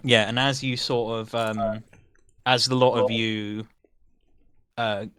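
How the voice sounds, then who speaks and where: A man's voice: on the low side, little pitch movement, slow pace, fairly bright tone, smooth, dry recording. A man narrating as game master in a tabletop game, loose and filler-laden.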